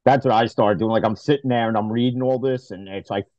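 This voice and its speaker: A man's voice: mid-range voice, animated, a little fast, few pauses, a little mellow, no echo. A man co-hosting a sports podcast, ranting in an exasperated way in casual chat and stumbling over repeated words. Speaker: podcast co-host. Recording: dry, dull lo-fi sound.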